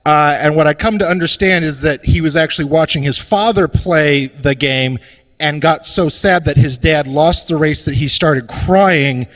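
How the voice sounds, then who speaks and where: A man's voice: a little high, moderate pace, fairly bright tone, long reverb tail. A man hosting a live comedy show, telling a rambling, profane, self-deprecating story and introducing acts on stage.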